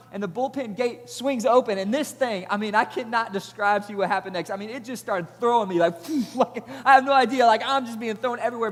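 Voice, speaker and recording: Animated man preaching in a reverberant hall. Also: extremely high pitch. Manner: animated storytelling, energetic, rising loud at climaxes. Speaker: pastor. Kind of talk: sermon with personal story. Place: church auditorium.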